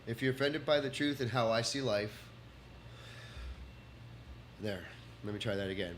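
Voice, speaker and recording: A man's voice: fairly low pitch, moderate pace, pauses often, a bit bright. Texas guy rambling thru his notes on a stream, keeps restarting, bit of hum behind. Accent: Texan. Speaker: comedian doing a livestream. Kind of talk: casual rambling monologue.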